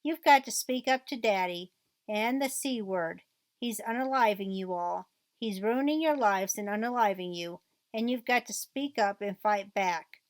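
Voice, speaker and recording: A bitter, ranting divorced mother, read out by a woman in close to her own voice. The delivery is a level mid-pitched read-through, with dry, close sound and no room around it. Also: unhurried, no room sound, lightly acted. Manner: reads quoted rant aloud in a mostly plain voice.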